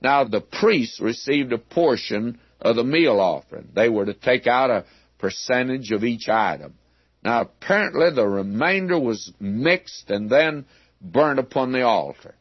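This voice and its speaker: A man gives an unhurried Bible teaching, dwelling on each phrase with deliberate emphasis. His voice has a slightly husky edge, and the sound is dry and close, as on an old lo-fi radio broadcast. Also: medium pitch, expressive, no echo. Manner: measured, emphatic, with asides.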